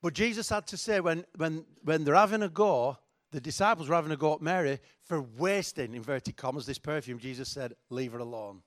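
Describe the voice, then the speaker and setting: A man's voice: a little high, fairly quick, few pauses. A middle-aged man preaching a sermon in a chatty, joking, self-mocking way. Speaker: pastor.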